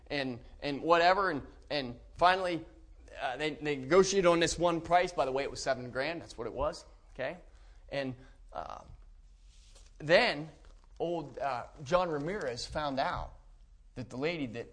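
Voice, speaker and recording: A man preaching a sermon to a congregation. He talks emphatically and repeats and restarts his words, rising at times to loud preaching. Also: fairly high pitch. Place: church.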